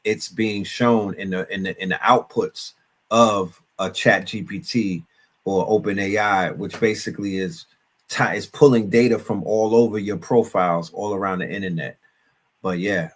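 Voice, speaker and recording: Low-voiced man explaining confidently. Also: steady tone, moderate pace. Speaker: guest speaker. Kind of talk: casual discussion.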